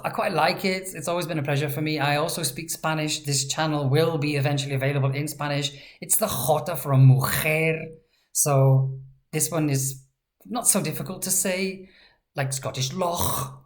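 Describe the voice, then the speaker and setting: Low-voiced woman teaching a language. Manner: chatty, playful asides, spells sounds out slowly. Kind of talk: relaxed spoken lesson.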